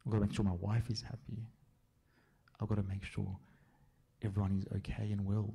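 Man, priest, casual q&a talk, storyteller, checks in with listeners, gravelly, dark-toned. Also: on the low side, level tone. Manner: chatty storyteller, often checks in with a quick "yeah?". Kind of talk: casual Q&A talk to a church group.

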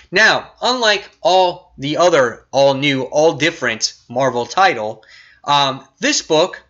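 Excitable man reviewing comics, bright voice. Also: a little high, dull audio. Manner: excitable, retells scenes with quoted lines, many fillers. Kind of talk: casual spoken review.

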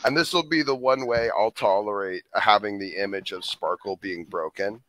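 A man in rowdy, crude casual chat with friends, animated and prone to mocking bits. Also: moderate pace, no room sound, poor audio. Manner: animated, slips into high mocking falsetto bits. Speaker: podcast co-host.

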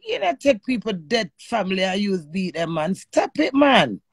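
Gravelly, animated Jamaican woman streamer. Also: mid-range voice, normal speed, no room sound. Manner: animated, emotional, swears freely in patois. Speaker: live-stream host. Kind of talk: live-stream chat with callers.

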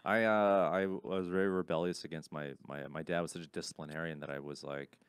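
Deep-voiced man telling animated stories. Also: brisk, clear, resonant tone, no room sound. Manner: animated storyteller acting out quoted voices. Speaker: podcast guest. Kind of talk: casual podcast chat.

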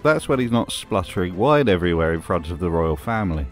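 Host, male, lowish voice, deadpan sarcastic narration. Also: quick pace, soft background music. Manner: dry, sarcastic humor. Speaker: video essay host. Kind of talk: scripted commentary narration.

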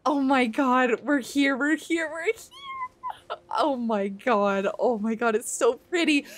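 A woman streaming a game live, excitable, gasping and swearing as she plays. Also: high-pitched, measured pace.

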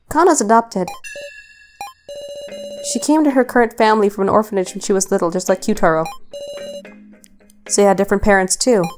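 A woman's voice: a little mellow, close to an everyday voice. A woman voicing a cheerful, timid teenage girl who refers to herself in the third person, reading a visual novel aloud. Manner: sweet, eager, higher than her own voice.

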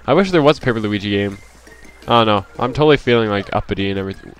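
A man's voice: on the low side, rapid-fire, smooth. A man giving casual, rambling, self-deprecating commentary while playing a video game and reading characters' lines aloud. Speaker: let's play host.

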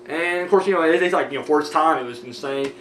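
Young dude rambling and cussing about movies, sounds a bit far from the cam, echoey room, faint hiss behind. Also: male voice, fairly high pitch, fast. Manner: rambling, excitable, heavy swearing and fillers. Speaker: DVD collection vlogger. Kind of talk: casual profane movie chat. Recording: roomy audio from a camera mic set back.

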